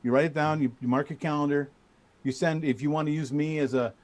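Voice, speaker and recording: Middle-aged guy telling a funny story, kinda high voice, lots of stops and restarts. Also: fast. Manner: animated, trash-talking storyteller with many restarts. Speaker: guest speaker. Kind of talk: casual storytelling.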